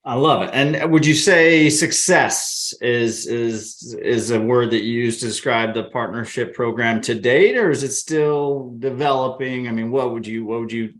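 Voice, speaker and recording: A man's voice: mid-range voice, a little slow, hardly any pauses. Rambling podcast host, a man. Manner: rambling, restarting questions. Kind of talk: casual interview chat.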